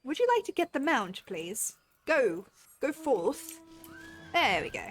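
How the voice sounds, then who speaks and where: Brief: laughing woman streamer, self-mocking, fairly high voice, soft game music behind. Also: big pitch swings, slow. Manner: self-deprecating, laughs often, talks to chat. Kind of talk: casual gameplay commentary.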